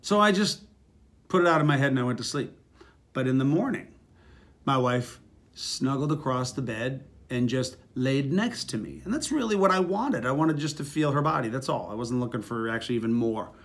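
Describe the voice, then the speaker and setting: A middle-aged man giving blunt, crude relationship advice as a casual motivational talk, animated and swearing freely. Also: mid-range voice, moderate pace. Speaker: relationship speaker.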